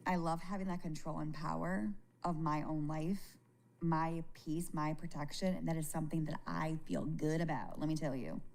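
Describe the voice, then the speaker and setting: A woman talking casually to viewers on a live stream, candid and halting, swearing freely and often restarting her sentences. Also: low-pitched, steady tone, a little mellow. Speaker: livestreamer.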